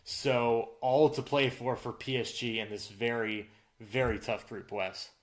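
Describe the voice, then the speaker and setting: A man in a casual sports podcast chat, his voice sitting at an ordinary middle pitch. He talks through results with frequent fillers and restarts, stopping and starting his sentences. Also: fairly even intonation, measured pace. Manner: filler-heavy, restarts often. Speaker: podcast co-host.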